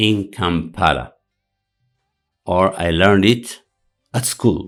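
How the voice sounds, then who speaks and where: A man teaching an English lesson for beginners. He says the English phrases slowly and loudly, then explains them fast in another language. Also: low-pitched, lively intonation, soft background music.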